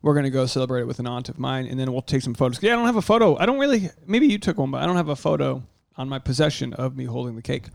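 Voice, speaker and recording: A man in his thirties co-hosting a podcast in casual chat, an animated storyteller who swears freely and acts out quotes. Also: mid-range voice, very fast, gravelly, hardly any pauses, dry recording, clean studio sound. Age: 30s. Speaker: podcast co-host. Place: home.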